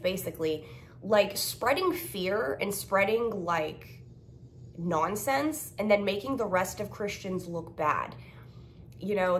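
Young woman vlogger, casual and blunt, swears freely, ordinary pitch, faint noise behind. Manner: blunt, profane, ranting. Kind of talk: casual vlog chat.

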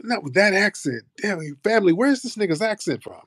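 A man's voice: high-pitched, big pitch swings, fairly quick, no room sound, clean studio sound. An American man hosting a live audio chat, brash and profane, bantering with callers. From United States. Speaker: host of a live audio space.

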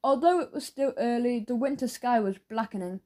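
A woman narrating a children's audiobook in a playful, expressive storytelling manner. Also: on the high side, moderate pace.

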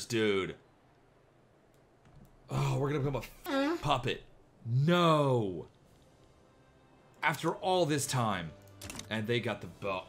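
Man, gameplay commentary, lively swooping pitch, excitable, swears a lot, faint music behind. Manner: excitable, swearing, jokey outbursts. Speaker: gameplay streamer.

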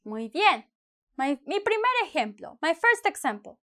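A woman teaching a bilingual lesson, deliberately, switching between English and with playful asides. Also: sits high, sing-song, a bit bright. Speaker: Spanish teacher.

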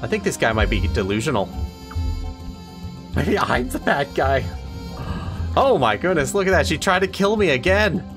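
A man hosting a let's play, reacting to the game aloud in an excitable, exclaiming, self-mocking way. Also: a little high, moderate pace, long pauses. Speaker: gaming channel host. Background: game music.

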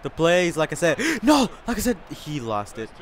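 A man commenting on a video game he is playing. He talks in an excitable way, yells a lot and swears often. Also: fairly high pitch, brisk, a little hiss or hum. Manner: excitable, yelling and cursing a lot. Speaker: gaming channel host.

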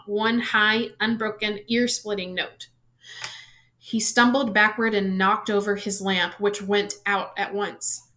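A woman reading a novel aloud, expressive, lifting her voice for suspense and dropping softly at the ends of sentences. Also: medium pitch. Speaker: reader.

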